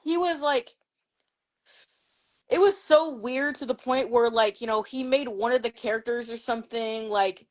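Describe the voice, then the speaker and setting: A woman's voice: fairly high pitch, unhurried. A young woman joining a casual livestream chat, hesitant and profane, stacking up fillers as she talks. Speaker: guest joining the stream.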